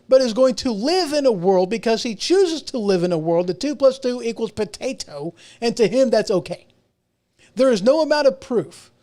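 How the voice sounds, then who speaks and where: A middle-aged podcast host, notably high-pitched with a darkish tone, rambles through a casual solo rant. Words get repeated and sentences restarted, and he frequently teases himself.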